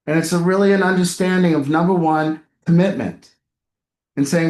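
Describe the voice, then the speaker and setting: A man's voice: fairly high pitch, fairly even intonation, moderate pace, a little mellow, reverberant. A man coaching a support group in a candid, blunt way, telling stories and acting out what people say. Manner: blunt, profane, anecdotal, acts out quotes. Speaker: addiction recovery group coach.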